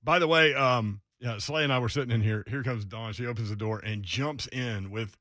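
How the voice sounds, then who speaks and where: A man's voice: medium pitch, moderate pace, dry recording. A man hosting a sports radio show in the studio, joking and teasing his co-hosts in casual banter. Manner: lively, laughing, teasing.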